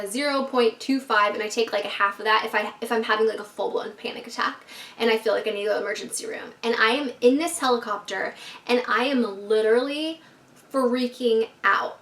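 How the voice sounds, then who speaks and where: Profane, animated young woman in an echoey room. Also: fairly high pitch, recorded from a distance. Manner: animated, profane and self-dramatizing. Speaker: vlogger. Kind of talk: storytime vlog. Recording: roomy echo, voice set back from the mic.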